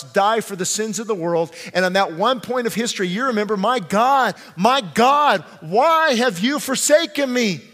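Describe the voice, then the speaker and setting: A male pastor preaching a sermon, swinging between hushed pleading and fervent shouting and repeating phrases for emphasis. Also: sits high, in a large hall. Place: church sanctuary.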